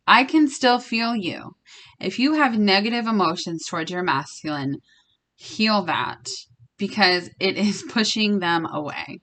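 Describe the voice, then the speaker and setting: A woman's voice: mid-range voice, expressive, unhurried, a bit bright. A young woman giving a casual spiritual card reading to her viewers. She talks bluntly and emphatically, swearing freely as she speaks straight to the listener. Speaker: tarot reader.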